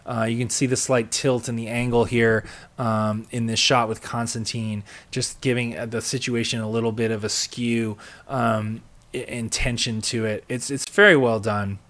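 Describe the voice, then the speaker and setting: A man hosting a podcast, recapping a TV episode in a chatty, excitable way with many fillers. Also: medium pitch, moderate pace. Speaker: podcast host.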